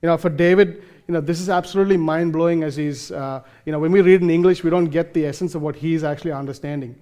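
Earnest preacher man, mellow voice. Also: on the high side, fairly even intonation, fast talker. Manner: earnest, emphatic, with frequent fillers and restarts. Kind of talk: sermon.

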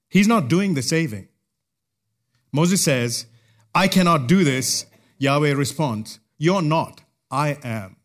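Working verse by verse through a passage, a man delivers an expository sermon in a voice on the high side. His pacing is measured, with pauses placed for emphasis.

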